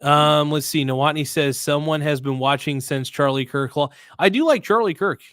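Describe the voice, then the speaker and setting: A man's voice: fairly high pitch, moderate pace, a bit bright, no echo, studio quality. A man hosting a casual livestream, talking bluntly with slang and swearing, reading viewer comments aloud and rambling through restarts. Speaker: livestream host.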